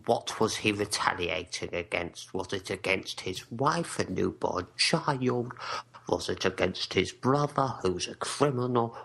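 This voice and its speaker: A man's voice: lowish voice, expressive, unhurried, vocal fry, a bit bright. A man co-hosting a film commentary podcast, wry and sweary, fond of rhetorical questions. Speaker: podcast co-host. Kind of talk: casual film commentary chat.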